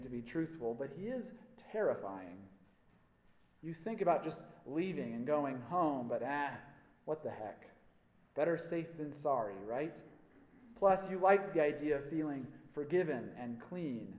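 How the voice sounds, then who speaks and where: A man's voice: on the high side, darkish tone. Man preaching in an echoey hall. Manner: conversational storytelling with wry humor. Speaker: pastor. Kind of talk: sermon.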